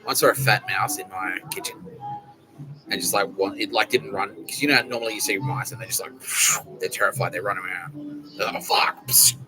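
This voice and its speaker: A man's voice: lowish voice, fairly even intonation, a little fast, music in the background, rough recording. A man hosting a podcast, rambling and swearing as he talks to unseen listeners. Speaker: podcast host. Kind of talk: casual monologue.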